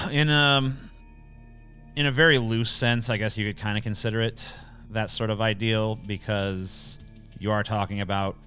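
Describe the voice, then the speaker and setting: A man with a lowish voice hosts a casual livestream and answers viewer questions one after another. He talks bluntly and sarcastically and swears often. Faint music plays behind him. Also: a bit bright. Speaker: livestream host reading chat.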